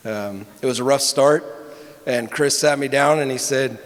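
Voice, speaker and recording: A man's voice: medium pitch, moderate pace. Man telling a wry workplace anecdote. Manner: wry storytelling turning earnest. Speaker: longtime employee giving a tribute. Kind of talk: anecdotal banquet speech. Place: banquet hall. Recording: echoey hall with murmuring crowd.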